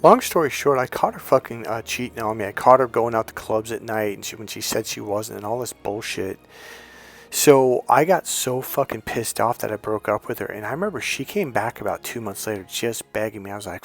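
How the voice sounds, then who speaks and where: A man's voice: mid-range voice, a little fast. A man telling a personal story as a dating coach, in a blunt, profane, emphatic way. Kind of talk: casual storytelling monologue.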